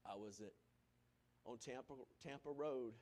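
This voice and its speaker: A man preaching a sermon, moving between loud, emphatic lines and hushed, nearly whispered ones. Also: medium pitch, a little slow.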